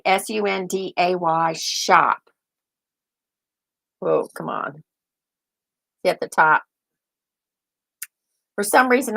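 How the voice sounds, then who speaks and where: A woman's voice: lowish voice, vocal fry, a bit bright. An older woman hosting a casual live stream, rambling and thinking aloud as she chats. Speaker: host.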